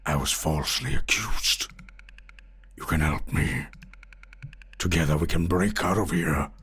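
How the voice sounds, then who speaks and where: Jailed cartoon bus, very deep, very raspy, low and conspiratorial, game voice. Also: male voice, measured pace, fairly bright tone, heavily acted. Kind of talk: video game voice line.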